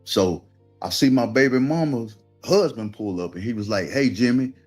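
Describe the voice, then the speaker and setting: A man's voice: medium pitch, normal speed, faint music behind. A man with a Southern Georgia accent, telling a personal story in casual talk and acting out what others said. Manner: relaxed storytelling with quoted voices. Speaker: guest telling his story.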